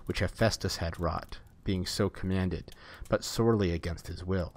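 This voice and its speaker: A man reading an old myth aloud as the channel's reader, in a measured, formal storytelling manner. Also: fairly low pitch, no echo.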